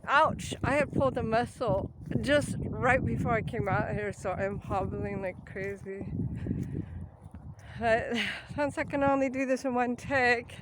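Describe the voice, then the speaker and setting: A woman's voice: a little high, a little slow, background noise. A woman out of breath, walking along a grassy riverbank and talking into a phone at arm's length in a rambling, laughing vlog. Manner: rambling, laughs often, swears casually. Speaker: vlogger. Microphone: phone held at arm's length.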